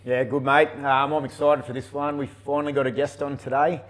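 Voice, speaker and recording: An Australian man co-hosts a podcast with a relaxed, easygoing manner. His voice sits at an ordinary middle pitch. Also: fairly quick, poor audio. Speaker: podcast co-host. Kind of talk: casual podcast chat.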